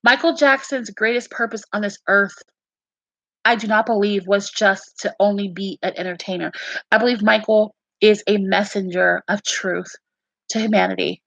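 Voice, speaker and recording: Emphatic woman with a bright, tense voice. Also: mid-range voice, fairly even intonation, moderate pace, gravelly, no room sound, rough recording. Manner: emphatic, repeats herself, restarts often. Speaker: fan sharing beliefs and dreams. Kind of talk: casual earnest talk.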